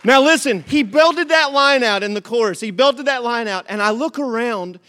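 High-voiced man preaching, animated storytelling. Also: normal speed, some chatter behind. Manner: storytelling with frequent "all right?" asides; animated, comic delivery. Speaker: pastor. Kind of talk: sermon.

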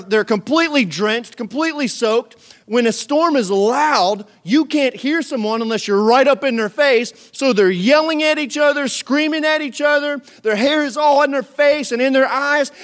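A pastor delivers a lively sermon in a strikingly high voice. He acts out the story with plenty of energy, and some lines burst into shouts.

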